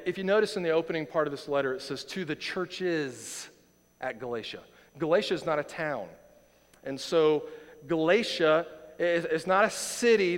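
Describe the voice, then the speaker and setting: A man's voice: fairly high pitch, clear, resonant tone. A man preaching a sermon as pastor, earnest and emphatic, often repeating lines for stress. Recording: long hall reverb.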